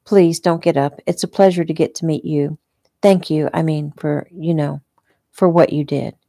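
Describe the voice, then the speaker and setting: A woman reading the part of a glamorous, confident club owner with a smooth, breezy way of talking. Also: sits low, fairly even intonation, moderate pace, warm tone, dry recording, studio quality.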